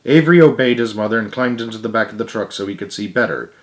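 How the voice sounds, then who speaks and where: A man reading a children's classic aloud as a storyteller, in a relaxed manner. He tosses in wry little asides between passages. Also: fairly low pitch, fast talker. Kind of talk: children's book read-aloud.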